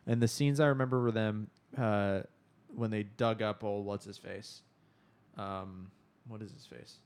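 A man's voice: lowish voice, steady tone, measured pace, a little mellow, smooth. A man co-hosting a casual movie podcast, rambling and laughing often. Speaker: podcast co-host. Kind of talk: casual chat.

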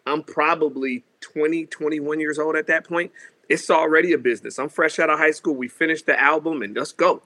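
A man in his thirties from Seattle, a musician telling stories in a casual interview, lively and acting out quotes. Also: on the high side, fairly quick. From Seattle, USA. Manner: animated storyteller, acts out quotes, says "you know what I mean" a lot. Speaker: musician guest.

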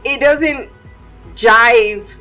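Woman, fairly high voice, blunt swearing series commentator, laughs often, faint music behind. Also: extremely slow, bright, forceful tone, rough recording. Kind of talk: casual reaction commentary.

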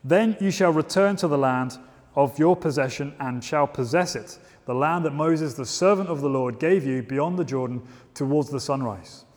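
A man's voice: a little high, moderate pace, darkish tone. Man preaching in a reverberant church. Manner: informal, self-deprecating, with restarts and asides. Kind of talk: sermon with scripture reading. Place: church service. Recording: long reverb of a church hall.

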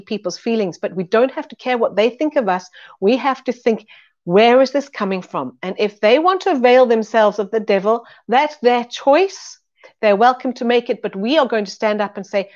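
A woman's voice: medium pitch, muffled recording. A woman giving a weekly Bible teaching, earnest and conversational, retelling stories to make her point. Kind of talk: recorded teaching talk.

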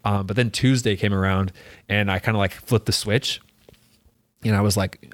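A man's voice: lowish voice, steady tone, moderate pace, no room sound. A young man, a soccer player, telling a personal story in casual chat, filling it with "like" and acting out what people said. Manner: rambling, heavy use of "like", acts out quoted dialogue.

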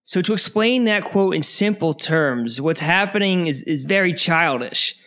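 Male podcast host, casual history narration, amused and animated, slightly higher voice. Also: a little slow. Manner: animated, laughs often, amused storytelling.

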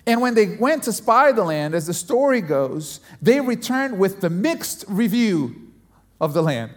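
A man preaching a sermon as pastor, telling a story in an animated way and often repeating words as he builds a point. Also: high voice, a little slow, big-room sound.

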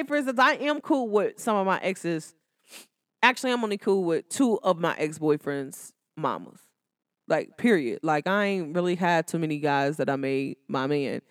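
A young woman, talking to listeners on her podcast in a casual, sassy, animated way. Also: normal speed, no room sound, clean studio sound. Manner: animated, sassy, jumps into high exclamations. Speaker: podcast host. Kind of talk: casual solo podcast talk.

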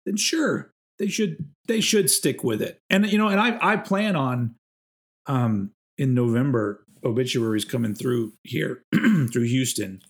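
A man's voice: mid-range voice, lively intonation, measured pace. A man co-hosting a podcast, chatting casually in a rambling, self-mocking way. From Texas. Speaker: podcast co-host. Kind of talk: casual chat.

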